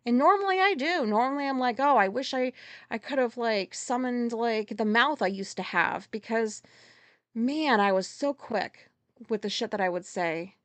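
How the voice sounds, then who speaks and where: A woman hosting a podcast and telling a story at home in a rambling, profane way. She corrects herself often and gets loud and agitated as she retells a conflict. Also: a little high, animated, no room sound. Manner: rambling, heavy swearing, quick self-corrections. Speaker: podcast host. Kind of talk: casual storytelling monologue.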